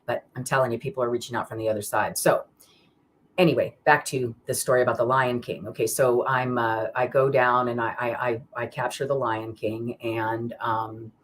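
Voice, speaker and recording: Very low-voiced chatty woman. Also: fairly even intonation, moderate pace, a little hiss or hum. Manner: rambling, chatty, many fillers and restarts; greets viewers by name mid-sentence. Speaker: card reader hosting a live stream. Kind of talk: casual live-stream chat.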